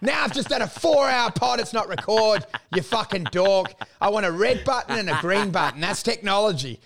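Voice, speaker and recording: Male podcast co-host, high raspy voice, crude animated ranter. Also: normal speed. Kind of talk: casual comedic chat. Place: podcast studio. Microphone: podcast mic.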